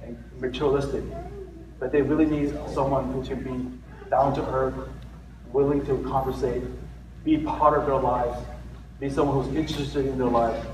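A man's voice: medium pitch, level tone, moderate pace. A middle-aged man preaching a sermon as a pastor, in a conversational way, laughing often as he tells stories. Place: church hall. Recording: roomy echo, distant mic, noisy.

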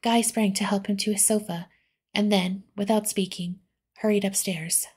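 A woman reading a classic novel aloud in a soft-spoken ASMR style. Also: mid-range voice, fairly even intonation, normal speed. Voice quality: soft, breathy. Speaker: audiobook reader.

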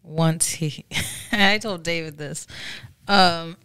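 A woman's voice: deep voice, slow, clean tone, no room sound, clean studio sound. A woman co-hosting a podcast, chatting casually and rambling through her stories. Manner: rambling, animated storytelling. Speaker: podcast co-host. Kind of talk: casual chat.

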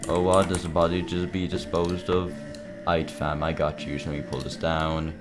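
A young man casually commenting while playing a game, mumbling and halting, with many fillers. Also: low-pitched, monotone. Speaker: gaming video creator. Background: game music.

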